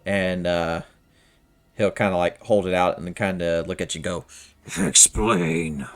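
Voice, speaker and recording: A man's voice: low voice, flat delivery, moderate pace, smooth. A man narrating as game master of a tabletop game, loose and hesitant, full of fillers. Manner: loose and hesitant, full of "kinda" and "you know".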